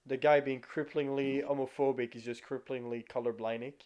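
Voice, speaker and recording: A man's voice: medium pitch, fairly even intonation, brisk, a crowd in the background. A young man on a casual podcast with friends over an online call, making crude jokes and jumping into mock voices. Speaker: podcast co-host. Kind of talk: casual banter among friends.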